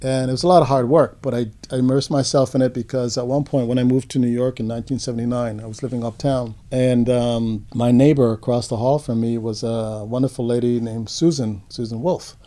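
An older man recounts his past as an interview guest. His voice is dark and mellow, and he talks in an unhurried, reflective way, pausing on fillers as he remembers. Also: mid-range voice, fairly even intonation. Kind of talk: relaxed storytelling interview.

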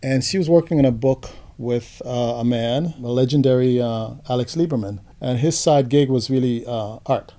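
An older man recounts his past as an interview guest. His voice is dark and mellow, and he talks in an unhurried, reflective way, pausing on fillers as he remembers. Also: mid-range voice. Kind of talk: relaxed storytelling interview.

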